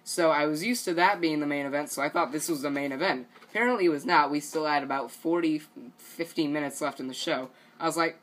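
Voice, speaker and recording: A man rambles through a wrestling show recap in a relaxed, unscripted way. He leans on filler words and drops casual swears as he goes. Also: fairly high pitch, fast. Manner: rambling, loose, full of "you know" and "like".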